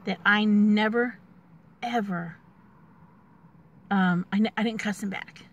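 A woman's voice: mid-range voice, fairly even intonation, measured pace, pauses often, fairly bright tone. A woman in her forties telling a personal family story in a candid, rambling way, with many fillers and restarts. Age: 40s. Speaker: vlogger.

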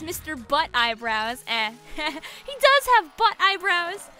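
A young woman streaming a video game, chatting excitably, giggling and shrieking at the screen. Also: very high voice, slow pace, few pauses, faint music behind. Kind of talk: gameplay commentary.

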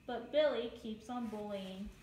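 A woman reading a children's picture book aloud, slowly and clearly, with playful emphasis. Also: fairly high pitch, a little mellow. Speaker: storybook reader. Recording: echoey room, distant mic, faint background noise.

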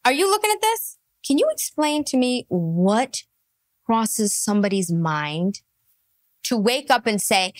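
Sassy, high-voiced woman roasting people. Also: measured pace. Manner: sassy, mocking, laughing, animated. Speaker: comedic commentator. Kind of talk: parody comedy commentary.

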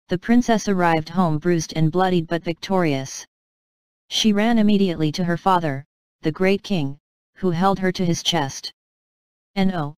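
A woman narrating a devotional allegory audiobook in a measured, dramatic storytelling manner. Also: fairly low pitch, darkish tone, smooth, no room sound, poor audio.

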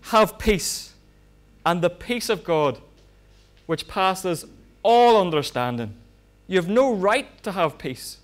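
A pastor preaching a sermon, swinging from loud fervent bursts to quiet asides. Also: male voice, high voice, lively intonation, slow pace, long pauses.

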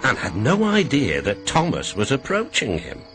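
Brief: British storybook narrator, very animated, lively pitch, music bed. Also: male voice, moderate pace. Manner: very animated and expressive. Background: background music.

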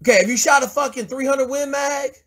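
A man's voice: extremely high pitch, fairly even intonation, a little fast, a bit bright. A man mentoring a caller in a blunt, profane, confrontational lecture. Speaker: host mentor.

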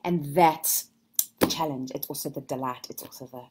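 A woman, an author co-hosting a casual chat, who tells lively anecdotes and retells conversations. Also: low-pitched, moderate pace, very noisy. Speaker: co-host and author. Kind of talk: casual conversation to a writing group.

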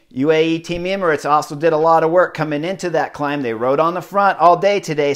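A middle-aged man giving casual, excited analysis of a bike race, stressing points with emphatic repetition. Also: fairly high pitch. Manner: excited, emphatic, piles up rider titles.

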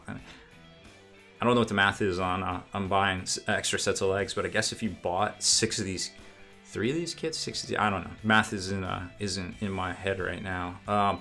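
A man's voice: low voice, vocal fry, sharp tone. A man giving a casual unboxing commentary as a miniatures reviewer, rambling with fillers and self-corrections.

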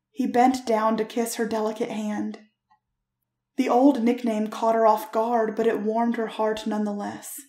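A woman narrating a romance fanfiction story in a gentle, expressive reading voice. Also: a little high, normal speed, roomy sound.

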